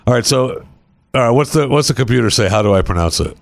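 A man's voice: mid-range voice, lively intonation, quick pace, creaky, no echo. A man hosting a comedy podcast, reading news stories aloud in a rambling, jokey way and stumbling over words. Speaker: podcast host. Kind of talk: casual comedic news chat.

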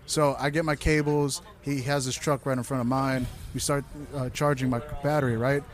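A man's voice: medium pitch, moderate pace. A man in casual conversation, telling loose, profane stories about wild nights. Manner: loose, profane, animated anecdotes. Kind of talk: casual chat, storytelling.

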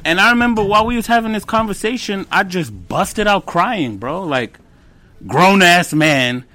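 A comedian in his twenties, guesting on a casual podcast, tells animated stories peppered with slang, swearing and bits of Spanish. His voice is high-pitched and his pace normal.

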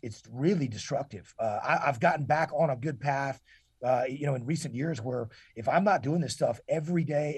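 A husky man in his forties talks earnestly as an interview guest, his voice sitting a little high. He often restarts and repeats words mid-thought. The sound is dry and close. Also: a little mellow, no room sound. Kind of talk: casual interview talk.

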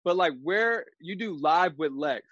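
A man hosting a casual interview, asking quick questions and joking along. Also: sits high, lively intonation, fairly bright tone, no room sound. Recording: dull, dry sound.

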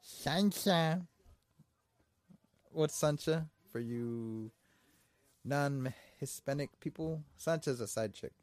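Loud, joking, profane man. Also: mid-range voice, slow. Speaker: podcast host. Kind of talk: casual chat.

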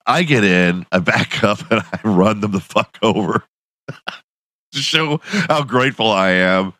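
A man's voice: on the low side, a bit bright, no echo. A young man hosting a podcast, telling a profane, laughing story in casual monologue. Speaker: podcast host.

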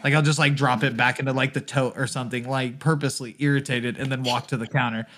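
A man's voice: medium pitch, steady tone, fast, a bit bright. A man co-hosting a podcast, ranting profanely in casual chat and laughing often. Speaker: podcast co-host.

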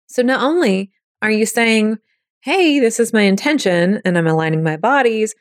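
A woman's voice: mid-range voice, dry recording. Chatty woman, dry close sound. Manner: chatty, acts out quoted thoughts in little voices. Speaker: podcast host. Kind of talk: casual spiritual teaching talk.

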